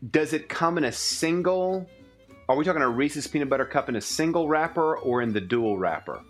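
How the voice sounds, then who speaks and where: A man's voice: fairly high pitch, lively intonation, a little fast, soft background music. A man co-hosting a podcast, arguing playfully in a mock-formal debating manner. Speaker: podcast co-host. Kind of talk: casual chat.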